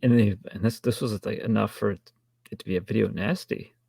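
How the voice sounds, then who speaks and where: Low husky guy on a movie podcast, dry wry remarks, dry close sound. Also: fairly quick, mellow, no echo. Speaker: podcast co-host reviewing films. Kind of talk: casual chat.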